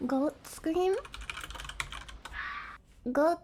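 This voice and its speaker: A woman's voice: extremely high pitch, expressive, slow pace. A young woman streamer chatting casually as she reacts to videos, giggling and playfully imitating animal screams. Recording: noisy stream audio.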